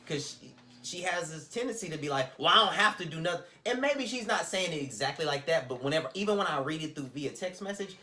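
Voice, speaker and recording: A man's voice: fairly high pitch, expressive, brisk, few pauses, a bit bright. A man co-hosting a podcast, talking earnestly and reflectively in casual chat. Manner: earnest, reflective, quotes others in raised voice. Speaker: podcast co-host.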